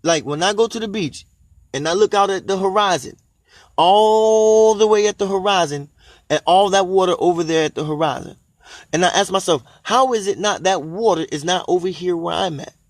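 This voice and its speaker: A man giving a spiritual monologue, repeating phrases emphatically and drawing key lines out slowly, with bursts of delighted exclamation. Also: high-pitched, no echo. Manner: exclaims in delight at his own ideas. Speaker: spiritual teacher.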